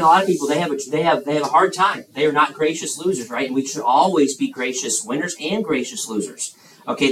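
Youth preacher, male, slightly high voice, lively and stumbling, recorded from off-mic in a roomy hall. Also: far from the mic. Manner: animated, acts out characters, frequent restarts. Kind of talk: sermon to young people.

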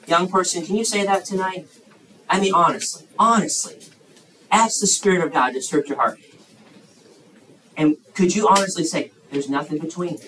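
Impassioned high-voiced man preaching. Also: normal speed, long pauses, recorded from a distance, low-quality recording. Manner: impassioned, swings between loud emphasis and hushed asides. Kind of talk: sermon to young people.

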